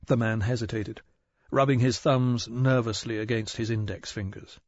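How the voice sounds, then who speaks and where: A man narrating a mystery audiobook in a measured, even storytelling manner. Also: medium pitch, no room sound, muffled recording. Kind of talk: scripted narration.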